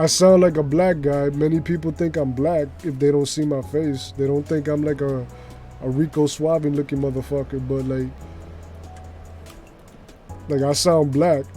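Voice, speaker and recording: Chatty New streamer, mellow voice. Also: male voice, on the high side. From New York City. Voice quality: chatty and animated, heavy use of filler words. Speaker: game streamer. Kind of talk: casual live-stream commentary.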